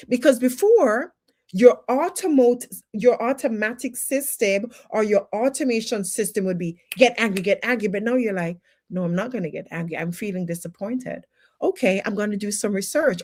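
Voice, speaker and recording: A woman's voice: mid-range voice, lively intonation, moderate pace. A woman teaching personal development on a livestream, emphatic and full of rhetorical questions, with faith-based encouragement.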